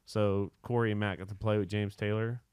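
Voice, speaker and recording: A man's voice: on the low side, little pitch movement, brisk, darkish tone, clean tone, dry recording, studio quality. A man hosting a podcast, chatting casually and telling laid-back anecdotes with the odd swear word. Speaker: podcast host.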